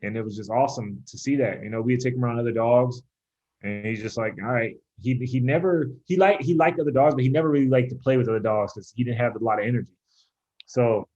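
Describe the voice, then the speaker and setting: A man's voice: mid-range voice, darkish tone. Young guy telling a long story, like like like, does little voices, dull lo-fi mic. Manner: rambling storyteller, heavy use of "like", acts out voices in quotes. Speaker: pro baseball pitcher, podcast guest. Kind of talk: casual chat.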